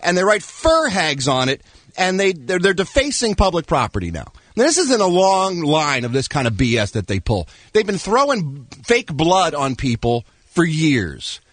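A man's voice: on the high side, big pitch swings, moderate pace, fairly bright tone, no echo. A man hosting a radio talk show, ranting and mocking with sarcasm.

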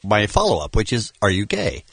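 Lively, playful radio host man. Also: lowish voice, a little fast, gravelly, slightly rough, no echo. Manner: jokey, playful, chimes in often. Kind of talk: radio studio interview.

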